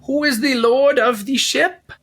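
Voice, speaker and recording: A man's voice: very high-pitched, fairly even intonation, measured pace, a bit bright, voice pushed up, full character voice. A man voicing a greedy, fussy male tax collector covered in jewelry, officious and haughty.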